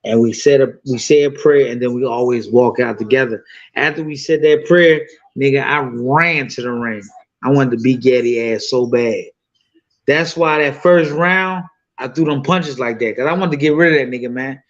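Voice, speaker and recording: A man's voice: mid-range voice, normal speed, dull audio. A man in his fifties telling a fight story in loose, profane casual talk full of fillers. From United States. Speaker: boxing guest.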